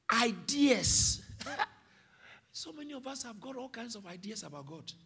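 A male pastor delivering a sermon in a high, lively voice that leaps around in pitch. His tone is bright with a husky edge. He drops to soft explanations, then rises to shouted calls that his congregation answer aloud. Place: church hall with congregation.

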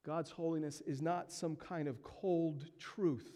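A man preaching a sermon with emphatic delivery, dropping to hushed tones and building to loud peaks. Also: fairly high pitch, fairly even intonation, takes it slowly, in a large hall.

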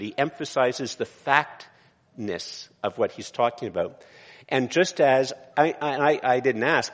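A man's voice: mid-range voice, in a large hall. A man, a pastor, preaching a conversational sermon in a church, with frequent restarts and asides.

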